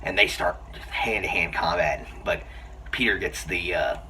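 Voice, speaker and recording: An eager man talks through a movie he loved, rambling and full of filler words. His voice sits a little low. He is slightly off-mic, with faint noise behind him. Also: measured pace. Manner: excited, chatty, laughs often, many fillers. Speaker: movie reviewer. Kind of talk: casual spoken film review. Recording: voice a bit far from the mic, faint background noise.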